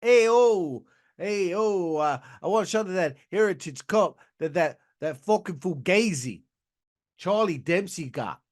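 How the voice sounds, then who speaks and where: A man's voice: high voice, lively intonation, measured pace. A man voicing a tough Italian-American mobster who swears and needles, in an Italian-American mobster accent. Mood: demanding. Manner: profane, needling, keeps barking "huh?".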